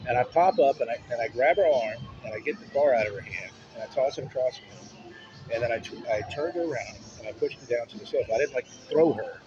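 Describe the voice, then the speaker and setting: Male vlogger, mid pitch, rambling and profane storyteller, muffled recording over music. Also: lively intonation, fast talker. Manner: rambling and profane, with frequent restarts. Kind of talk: casual personal storytelling. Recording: dull audio with music underneath.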